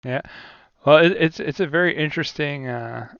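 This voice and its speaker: A man's voice: on the high side, normal speed, creaky, a bit bright, clean tone, no echo, highs cut off. A man co-commentating a card game tournament in a casual, chatty way, laughing often and using many fillers.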